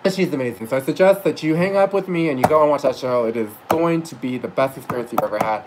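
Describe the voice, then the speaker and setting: A man's voice: mid-range voice, fast, background noise. A man telling a story in a casual vlog, gushing and rambling, with restarts and casual swearing. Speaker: vlogger.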